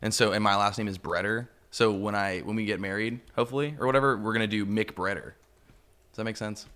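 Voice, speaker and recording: A man's voice: on the low side, steady tone, brisk, sharp tone. A man co-hosting a podcast, laid-back and joking in casual chat.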